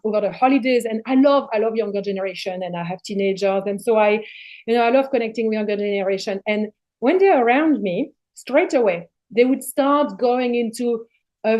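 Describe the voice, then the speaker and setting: A middle-aged woman guesting on a podcast speaks in a slightly high voice with a dark tone. Casual and spiritual, she drives her points home emphatically and passionately, swearing freely.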